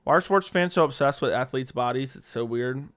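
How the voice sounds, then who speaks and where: Speaking briskly in a mid-range, slightly bright voice, a man hosts a live stream. He reads out questions from viewers, answers them offhand, and swears freely, all through a studio dynamic mic.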